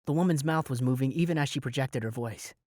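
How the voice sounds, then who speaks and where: A young man narrating a fantasy audiobook in the first person with lively, dramatic delivery. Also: mid-range voice, fast talker, no echo, studio quality. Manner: lively, dramatic storytelling with shouted spells.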